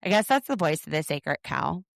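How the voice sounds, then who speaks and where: A woman's voice: low voice, big pitch swings, brisk, gravelly, no echo, clean studio sound. A woman co-hosting a podcast, recapping a reality show in an opinionated, sarcastic way. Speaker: podcast co-host. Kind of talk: casual recap chat.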